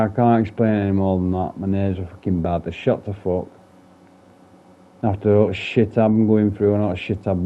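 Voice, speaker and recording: A man talking candidly in a personal vlog, rambling, swearing often and restarting his sentences. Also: on the low side. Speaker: vlogger. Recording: dull lo-fi sound.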